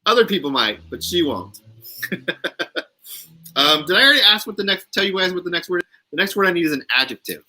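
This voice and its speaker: A man's voice: high voice, very animated, a little fast, long pauses, sharp tone, low-quality recording. A man hosting a casual live stream from home, playful and laughing often as he runs a word game with viewers.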